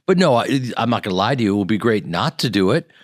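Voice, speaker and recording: Lively storytelling man, dry studio. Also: on the low side, fast talker, dry recording. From American Midwest. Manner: animated storyteller who acts out quoted people. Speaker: actor and comedian guest. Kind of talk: radio interview. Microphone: studio microphone.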